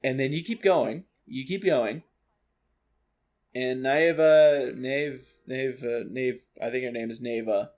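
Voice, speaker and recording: A man ranting about a video game, animated, exasperated and full of swearing. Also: medium pitch, normal speed, few pauses. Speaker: streamer. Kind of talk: ranting gameplay commentary. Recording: faint lo-fi music underneath.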